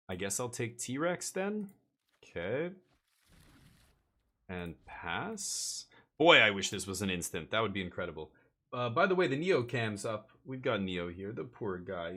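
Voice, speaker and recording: A male streamer with a lowish, bright voice talks through a card game as he plays, muttering moves to himself. His pitch rises and falls a lot, and the tone stays casual and thinking-aloud. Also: big pitch swings, a little slow.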